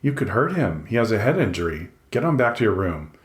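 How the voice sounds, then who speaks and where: A man voicing a stern female hospital nurse who talks briskly and scolds. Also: fairly low pitch, sing-song, roomy sound.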